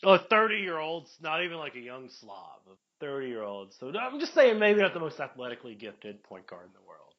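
A man with a fairly high, very lively voice rambles through casual sports talk, joking and correcting himself as he goes. The audio is dull and lo-fi, like a home podcast. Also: brisk, hardly any pauses. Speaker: podcast co-host.

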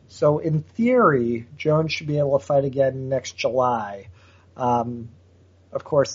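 A man's voice: medium pitch, a little mellow, highs cut off. A man co-hosting a podcast, plainspoken, presenting sports news and putting questions to his co-host. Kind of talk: casual sports chat.

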